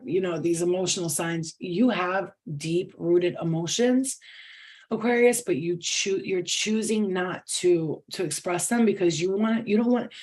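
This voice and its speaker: A woman's voice: mid-range voice, darkish tone. A middle-aged woman hosting a live spiritual reading, talking casually, swearing, restarting sentences and laughing often. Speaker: tarot reader.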